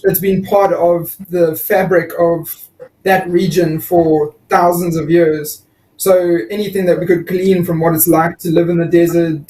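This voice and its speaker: A man with a South African accent chats hesitantly, full of fillers. His voice sits high. He sounds far from the mic in an echoey room. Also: warm tone. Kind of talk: casual livestream chat.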